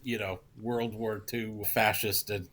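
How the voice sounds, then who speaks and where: A man's voice: fairly low pitch, flat delivery, takes it slowly, fairly bright tone. A man guesting on a podcast, telling behind-the-scenes stories in an explanatory, storytelling way. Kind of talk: casual chat, anecdotes.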